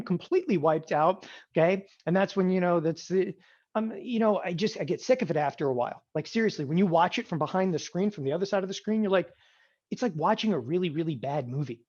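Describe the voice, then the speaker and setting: A man teaching an options trading class, animated and sarcastic, often acting out students' voices. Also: high-pitched, fast talker. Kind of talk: classroom lecture. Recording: dull lo-fi sound.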